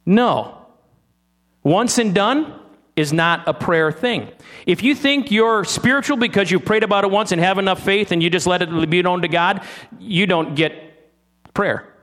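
A man preaching a sermon, teasing his listeners with rhetorical questions and slowing down to stress key words. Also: high voice, fairly bright tone.

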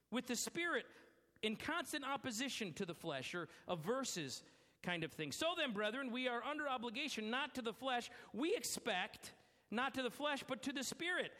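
A man preaching a sermon as pastor, emphatic, slowing down and dropping his voice low to stress key words. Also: bright, forceful tone. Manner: emphatic preaching, slows and drops low for weight. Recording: long hall reverb.

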